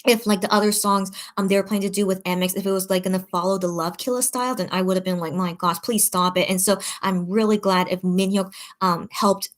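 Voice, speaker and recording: A woman hosting a casual chat with her viewers, rambling and chatty, full of fillers and restarts. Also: mid-range voice. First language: English. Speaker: channel host reading live chat.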